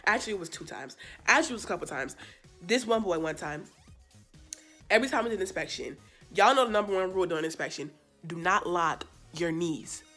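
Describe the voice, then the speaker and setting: A young woman casually telling a storytime, chatty and animated, with sassy asides to her viewers. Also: fairly low pitch, fairly quick. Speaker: vlogger. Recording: faint background music.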